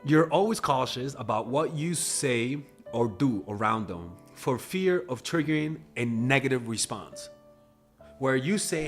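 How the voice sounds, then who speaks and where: A man's voice: medium pitch, sing-song, normal speed, a bit bright, soft background music. A man giving blunt, casual dating advice in a monologue, swearing freely and acting out quoted exchanges in a raised voice. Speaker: dating coach.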